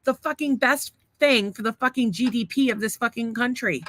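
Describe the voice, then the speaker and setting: A woman's voice: a little high, normal speed, a bit bright, no room sound. Blunt, swearing middle-aged woman. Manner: blunt, swears freely, laughs often. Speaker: podcast co-host. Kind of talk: casual chat.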